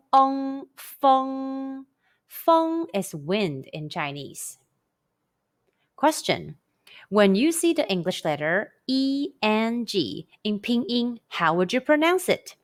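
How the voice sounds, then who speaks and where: A woman teaching a scripted pronunciation lesson, saying sounds slowly and carefully for the listener to repeat. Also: medium pitch. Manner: slow, careful, model pronunciations. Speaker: Chinese language teacher.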